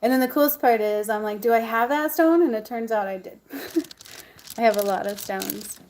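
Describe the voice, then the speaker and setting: A woman's voice: mid-range voice, steady tone, normal speed, mellow, slight background noise. A woman chatting casually to her camera as a vlogger, bubbly and full of ums and likes.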